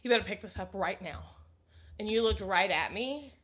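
This podcast co-host, a mom in her thirties, has a medium-pitched, slightly bright voice with lively intonation and a normal speed. Giggling through casual stories, she talks bluntly and doesn't hold back on the profanity.

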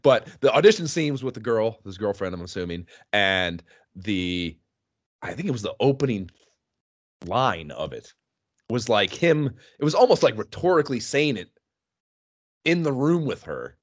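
Male podcast co-host, deep, expressive delivery, dry sound. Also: moderate pace, no room sound. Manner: animated, laughing, swearing freely. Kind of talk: casual gaming chat.

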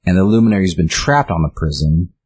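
A man's voice: sits low, brisk, a little mellow, husky. A man casually retelling a comic's story, rambling with lots of fillers and restarts.

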